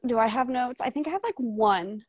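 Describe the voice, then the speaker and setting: A woman's voice: a little high, lively intonation, a little fast, a little mellow, dry recording, clean studio sound. A young woman co-hosting a book club podcast, eager, reading passages aloud between remarks. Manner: eager, reads quotes aloud, says yeah a lot.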